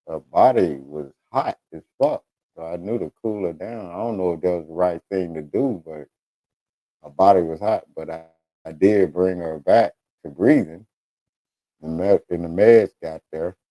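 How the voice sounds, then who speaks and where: Male streaming host, casual and profane, rambling storyteller, mellow tone. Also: deep voice. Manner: profane, rambling storytelling, addresses viewers as y'all. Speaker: streaming talk show host. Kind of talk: casual solo talk to an audience.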